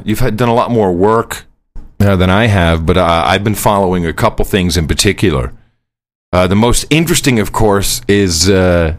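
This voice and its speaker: A man co-hosting a podcast while on the road, telling a rambling story in casual chat. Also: on the low side. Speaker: podcast co-host. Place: on the road, far from home studio.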